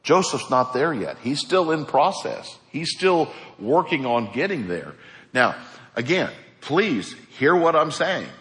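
Animated pastor in a reverberant hall. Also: male voice, a little high, measured pace. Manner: animated, acts out voices in his stories. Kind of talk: sermon.

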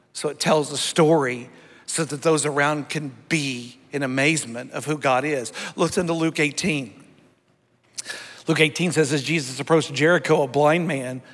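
A man's voice: fairly high pitch, fairly bright tone. A middle-aged man preaching a sermon as pastor, emphatic and leading his congregation in reading Scripture aloud. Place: church sanctuary before a congregation, also streamed online. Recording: long hall reverb.

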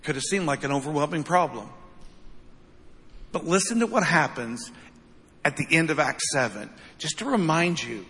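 A man's voice: on the high side, expressive, moderate pace, sharp tone. A man preaching a sermon as pastor, with an emphatic delivery that repeats phrases and keeps asking "right?". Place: church sanctuary. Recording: long reverb of a large hall.

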